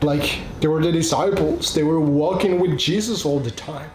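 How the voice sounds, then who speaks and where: A man gives a relaxed devotional talk, retelling a Bible story in plain, informal English with frequent "like". The room echoes, and soft music plays quietly behind him. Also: on the high side, moderate pace. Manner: informal, full of "like", with non-native phrasing. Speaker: devotional speaker.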